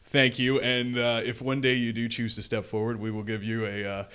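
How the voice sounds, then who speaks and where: A man's voice: mid-range voice, level tone, normal speed, fairly bright tone, clear, resonant tone. A man co-hosting a podcast, chatting casually in a rambling way full of fillers and frequent chuckles. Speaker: podcast co-host. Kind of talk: casual chat.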